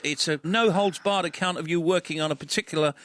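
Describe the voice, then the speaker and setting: A man hosting a radio interview, briskly prompting his guest and finishing the guest's sentences. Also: fairly high pitch, fairly bright tone, dry recording. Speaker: radio host.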